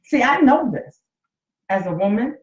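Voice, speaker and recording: A woman's voice: a little high, big pitch swings, measured pace, darkish tone, echoey room, dull audio. A woman in her late fifties, a coach and nurse, talks candidly and emotionally to viewers during a casual live stream from her phone. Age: 50s.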